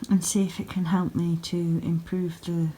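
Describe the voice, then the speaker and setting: Her voice is lowish and warm, with a level tone and moderate pace. She's a yarn dyer and vlogger in her thirties, sleepy and yawning as she chats casually at home in her craft room and gushes over small pretty things.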